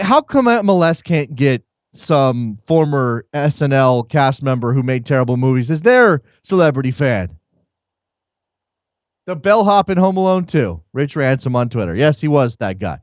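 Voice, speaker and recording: A man's voice: medium pitch, expressive, a little slow, dry recording, clean studio sound. Wry, rambling male radio host. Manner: wry and rambling, often repeats words. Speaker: host of a soccer call-in show. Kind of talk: casual chat.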